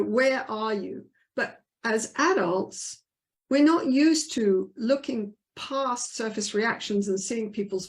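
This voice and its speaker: An older woman, a couples therapist, answering interview questions in an earnest, emphatic way and acting out the voices she quotes. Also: a little high.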